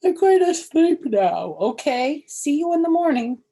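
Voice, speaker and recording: An older woman voicing a spunky, excitable little girl of about six in a storybook reading. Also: high voice, pitched above the performer's own voice, full character voice. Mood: excited. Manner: eager, chirpy, rapid questions.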